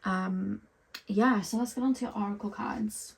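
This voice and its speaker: A woman's voice: medium pitch, steady tone, moderate pace, creaky, a little hiss or hum. Woman, tarot reader, casual chatty delivery addressed to the viewer. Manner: chatty, frequent ums and likes, speaks straight to the viewer. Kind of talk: pick-a-card tarot reading, casual chat.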